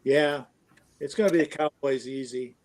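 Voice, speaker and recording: A man in a casual sports chat, hesitant and pausing often with fillers. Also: medium pitch, darkish tone. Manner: hesitant, many uh pauses.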